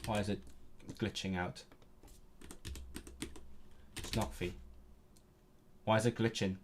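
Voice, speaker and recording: A man's voice: fairly low pitch, fairly even intonation, slow pace, noisy background. Rambling young male language streamer. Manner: rambling, restarts often, thinks aloud. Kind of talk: casual livestream chat and reading aloud.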